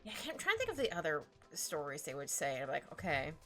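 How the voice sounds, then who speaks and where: A woman's voice: sits low, wildly swooping pitch, fast talker, bright, forceful tone. A young woman art streamer chatting casually and giggling while she draws. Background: faint background music.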